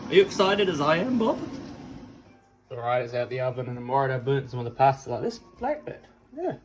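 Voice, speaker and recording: A man's voice: mid-range voice, sing-song, a little fast, over music, rough recording. A man from England doing a casual, self-mocking home cooking vlog, chatting to his dogs between steps. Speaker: cooking vlogger.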